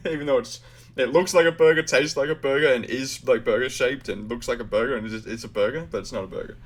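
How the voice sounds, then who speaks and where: A man's voice: medium pitch, quick pace, a little hiss or hum. Rambling Australian guy streaming games. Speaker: game streamer. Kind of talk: casual live-stream chat.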